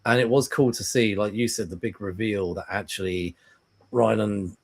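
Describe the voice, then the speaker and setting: A man co-hosting a casual film review podcast, telling lively stories, acting out both sides of conversations and swearing freely. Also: lowish voice, moderate pace, vocal fry, breathy edge. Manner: animated storyteller who acts out dialogue and swears. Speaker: podcast co-host.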